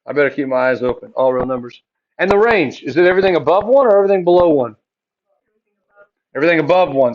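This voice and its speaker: A man's voice: a little high, highs cut off. A man teaching a math class, chatty and joking, asking his students questions and answering them himself.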